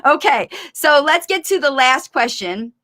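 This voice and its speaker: A middle-aged woman coaching parents in a live-streamed Q&A, with a bright, forceful voice. She talks fast and with lots of energy, hammering points home through emphatic repetition. Her pitch sits a little high for a woman. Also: lively intonation. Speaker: speech-language pathologist coaching parents.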